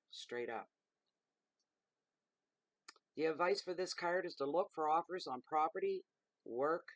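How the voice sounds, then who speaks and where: This is a middle-aged woman hosting her own tarot channel and airing a grievance straight to camera. She talks bluntly and heatedly, swearing without hesitation. The sound is dry and close, with no room echo. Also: sits low. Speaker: tarot reader and channel host. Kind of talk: ranting to camera.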